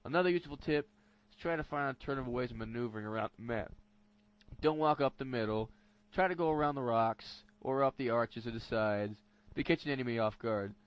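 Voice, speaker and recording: A man's voice: mid-range voice, brisk, clear, resonant tone, muffled recording. Casual man giving gaming tips. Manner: casual gamer slang, upbeat sign-off. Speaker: podcast staff contributor. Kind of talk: recorded tips segment.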